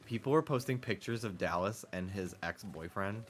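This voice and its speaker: A man's voice: lowish voice, a little fast, hardly any pauses, soft background music. A man streaming a game and chatting casually, rambling and profane, sarcastic, laughing often, from the United States.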